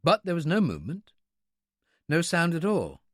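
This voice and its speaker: A man narrating a wartime thriller audiobook with an expressive, dramatic reading. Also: a little high, moderate pace, no room sound, studio quality. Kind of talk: scripted narration.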